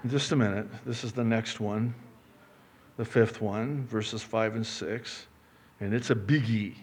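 Slow-paced joking male preacher. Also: fairly low pitch, fairly even intonation, husky. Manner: joking, self-deprecating, swings from loud to quiet. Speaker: pastor. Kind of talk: sermon.

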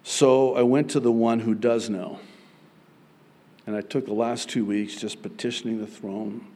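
A man preaching a sermon as pastor, earnest, moving between soft passages and emphatic ones. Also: medium pitch, steady tone, a little slow.

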